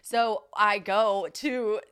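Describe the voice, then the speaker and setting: A woman's voice: mid-range voice, fairly even intonation, extremely slow, a bit bright, clear, resonant tone. A young woman, co-hosting a podcast and telling stories in a casual, laughing, swearing way. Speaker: podcast co-host. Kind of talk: casual chat.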